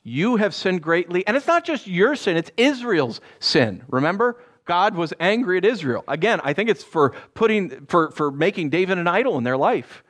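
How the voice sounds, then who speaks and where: A male pastor preaching a sermon, reading Bible verses and cracking jokes in animated asides. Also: high voice, moderate pace, few pauses.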